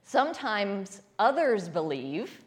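A woman's voice: mid-range voice, sing-song, slow, noisy background. A woman leading a spiritual talk with a congregation, telling stories playfully and laughing often. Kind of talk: spiritual talk with call-and-response.

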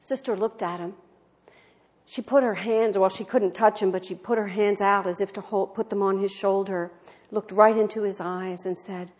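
A woman minister giving a sermon, telling stories and swinging from loud exclamations to hushed tones. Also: mid-range voice, fairly even intonation, normal speed.

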